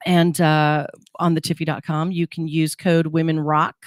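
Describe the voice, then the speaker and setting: A woman's voice: deep voice, flat delivery, normal speed, no echo, studio quality. A woman co-hosting a casual morning community radio show, rambling with fillers and restarts. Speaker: radio co-host.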